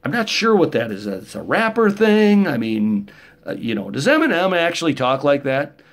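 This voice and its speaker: This middle-aged vlogger's voice is a little high and sing-song, his speed normal. He delivers a casual monologue of rambling, joking stories told in a rough-edged way.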